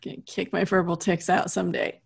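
A woman's voice: fairly low pitch, little pitch movement, brisk, creaky, husky. A woman co-hosting a podcast, chatting casually and giggling often as she tries to get her lines out. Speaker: podcast co-host. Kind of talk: casual outtake banter.

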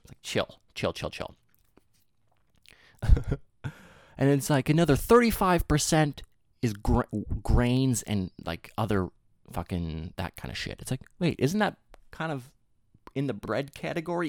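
A young man riffs in a loose, profanity-laced rant, his pitch bouncing up and down as he gets worked up. He stumbles over restarts and laughs at his own jokes. The sound is dry and close, with no room behind him. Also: no echo. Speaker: solo talker addressing viewers. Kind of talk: casual rant.

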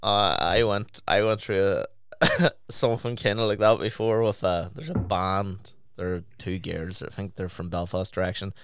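A man's voice: sits low, fairly even intonation, moderate pace, slight background noise. A man in casual chat, swearing freely and telling stories with laughs. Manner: swearing, storytelling with laughs and acted quotes.

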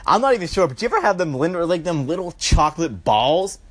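A young man with a high voice goes off in a profane comedic rant, tossing "bro" onto half his lines. His pitch swings wildly, from yelps at the top to mumbled asides near the bottom, and he keeps climbing into full yelling whenever he gets worked up. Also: sing-song, fast. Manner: loud, swearing, keeps tacking on "bro"; riled up, climbing into yelling at peaks.

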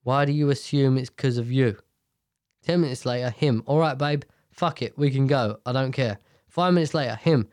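A man's voice: medium pitch, normal speed, a little mellow, dry recording, studio quality. A man reads posts aloud and reacts with blunt, profane, jokey asides. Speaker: streamer reading posts.

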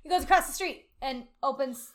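A woman co-hosting a podcast in casual chat, recapping a show in an animated, excitable way and swearing freely. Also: high-pitched, fairly quick. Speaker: podcast co-host.

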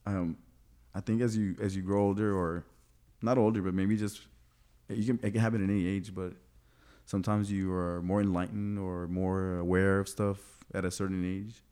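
Man, young adult, deep voice, mellow tone, casual chat, animated storyteller. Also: moderate pace, smooth. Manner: animated, laughs often, acts out quotes.

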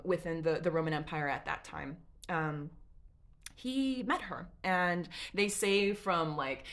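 Woman narrator, casual storyteller, low-ish voice, frank and rambling. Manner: chatty, digressive, frank, swears.

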